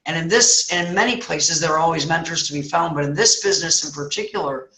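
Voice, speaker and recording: A woman's voice: low voice, quick pace, a little hiss or hum. A woman, a guest speaker, telling a story in casual chat and acting out voices. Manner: animated, acts out voices. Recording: echoey room.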